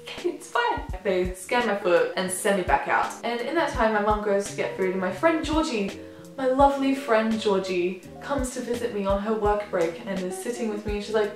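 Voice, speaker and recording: A woman's voice: mid-range voice, moderate pace. Young woman telling a story, echoey room. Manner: chatty, dramatic retelling with acted-out quotes. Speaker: vlogger. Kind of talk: storytime vlog. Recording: very echoey room, faint music.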